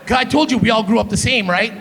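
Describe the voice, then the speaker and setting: A man from Canada, a stand-up comedian on a theater stage, telling loud, profane family stories and keeping the crowd with him with "right?". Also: sits high, fast, vocal fry, slight background noise. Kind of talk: stand-up storytelling.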